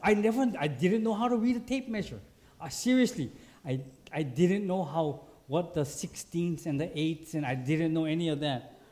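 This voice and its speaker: A male pastor preaching a sermon in a lively way, acting out quoted voices. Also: fairly high pitch, normal speed. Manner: animated, acts out quoted voices.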